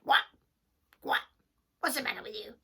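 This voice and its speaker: A woman's voice: moderate pace, pushed and bright, in a whisper. Woman voicing a quacking nosy duck. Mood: teasing. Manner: quacking, teasing. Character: nosy male mallard duck.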